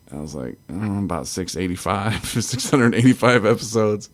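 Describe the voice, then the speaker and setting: A man from Michigan co-hosts a recovery podcast, his lowish voice lively in intonation and a little fast. He rambles through casual chat, laughing often and interrupting himself to restart.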